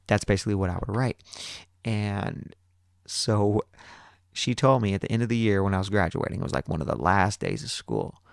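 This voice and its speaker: Low gravelly man telling profane stories. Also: animated, moderate pace, no echo, clean studio sound. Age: 30s. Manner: rambling, profane, restarts often. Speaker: podcast host. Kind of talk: casual storytelling.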